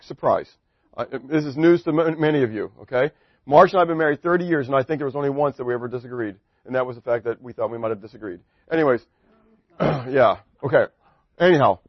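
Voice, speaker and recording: A man's voice: fairly high pitch, slightly rough, no room sound, lo-fi sound. A middle-aged man preaching as a pastor, in a joking, conversational way, full of rhetorical questions to his congregation. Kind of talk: sermon.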